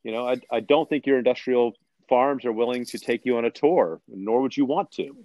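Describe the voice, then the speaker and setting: A man's voice: mid-range voice, fairly quick, dark tone, no echo, dull audio. A man in a casual conversation, speaking earnestly and telling stories with enthusiasm.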